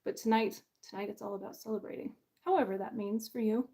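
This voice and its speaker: A woman's voice: mid-range voice, fairly even intonation, quick pace, dark tone. A woman author hosting her book launch in a casual livestream chat. She is bubbly and self-deprecating, and she laughs often.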